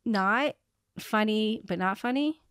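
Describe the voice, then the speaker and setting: A woman hosting a podcast, telling a long story in a rambling way, with many fillers and restarts, laughing at her own dark humor. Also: medium pitch, slow pace, smooth, dry recording, clean studio sound. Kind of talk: casual conversational storytelling.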